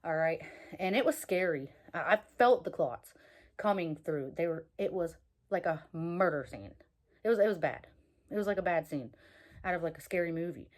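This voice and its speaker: A woman's voice: on the low side, animated, moderate pace. A woman talking casually and candidly to her viewers in a rambling personal vlog, with lots of fillers and restarts. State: out of breath. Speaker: vlogger. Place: at work.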